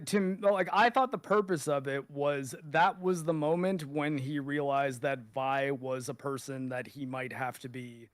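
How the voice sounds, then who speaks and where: A man's voice: fairly high pitch, no echo. A man chatting casually on a podcast about a TV show, rambling with lots of restarts. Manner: rambling, hesitant. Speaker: podcast guest. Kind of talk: casual show breakdown chat.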